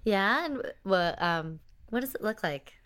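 Woman tabletop player, unhurried and musing, bright, melodic voice. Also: medium pitch, expressive, smooth. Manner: slow, musing delivery with fillers. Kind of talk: casual tabletop game play.

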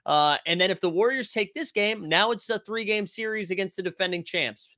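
A man hosting a casual sports talk stream, animated and rambling, who swears freely and reads from the chat. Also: high voice, fairly quick, dry recording. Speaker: podcast host reading chat.

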